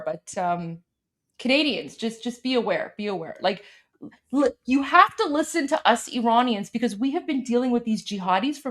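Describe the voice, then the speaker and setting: Woman host from Iran; high, heated, repetitive rant delivery. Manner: impassioned, repetitive, insulting. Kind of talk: live-stream political rant.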